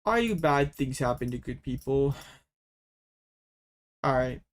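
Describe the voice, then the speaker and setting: Young guy yapping thru his card game matches, mid pitch, excitable and dramatic. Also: a little slow. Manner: excitable, dramatic mock complaints. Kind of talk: casual gameplay commentary.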